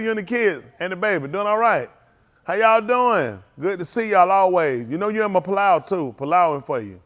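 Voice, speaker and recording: High-voiced man greeting livestream viewers. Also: fairly bright tone. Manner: joking, teasing, calls out names. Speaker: congregation leader greeting viewers.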